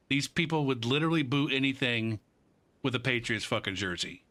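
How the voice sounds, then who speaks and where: A man's voice: mid-range voice, brisk. A man streaming a game live, telling a story with lots of swearing and laughter. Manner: profane, animated, laughs often. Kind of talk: live gameplay commentary and storytelling.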